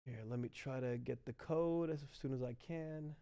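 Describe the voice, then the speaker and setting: A man casting an esports match on a livestream in a relaxed, chatty way, talking to his chat. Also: mid-range voice, moderate pace, clear, resonant tone, no echo. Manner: laid-back, chatty, apologetic about the stream. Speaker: esports caster. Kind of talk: casual livestream commentary.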